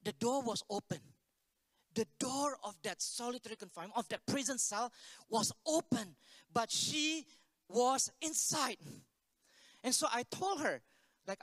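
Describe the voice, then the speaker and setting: A male pastor preaches an unscripted sermon in a bright, forceful voice, talking conversationally and throwing questions to the congregation. The sound is close and dry. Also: extremely high pitch, measured pace, dry recording. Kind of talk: unscripted sermon told as a story.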